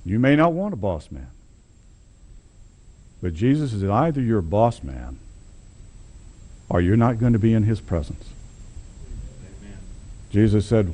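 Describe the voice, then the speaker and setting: Man preaching with a lively, swinging voice. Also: on the low side, a little slow, pauses often. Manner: conversational, wry, emphatic. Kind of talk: sermon with storytelling.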